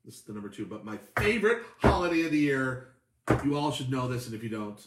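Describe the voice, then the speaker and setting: A man's voice: mid-range voice, big pitch swings, fast, roomy sound, recorded from a distance, background noise. A man co-hosting a casual beer-tasting podcast, joking and bantering playfully. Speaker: podcast co-host.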